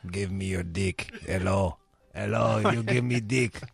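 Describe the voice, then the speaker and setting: A man putting on a crude, flirty foreign woman in a mock Tunisian accent, with lewd, drawn-out, moaning delivery. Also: low-pitched, creaky, soft background music, voice pushed down, heavily acted. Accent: put-on Tunisian.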